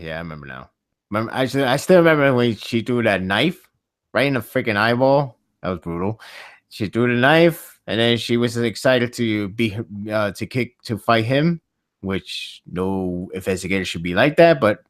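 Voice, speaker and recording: A man hosting a casual podcast chat, rambling and animated, laughing often. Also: lowish voice, moderate pace, dry recording, clean studio sound. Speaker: podcast host.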